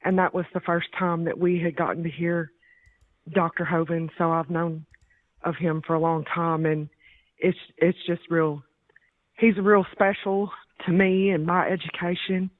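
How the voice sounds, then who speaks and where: A woman's voice: on the low side, fairly even intonation, no echo. Earnest woman on a tinny phone line. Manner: earnest, halting, polite. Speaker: call-in listener. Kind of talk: phone call to a radio show.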